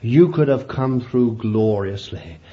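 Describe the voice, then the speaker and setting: A man preaching a sermon, animated and laughing often as he calls his listeners beloved. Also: mid-range voice, a little slow, dull audio.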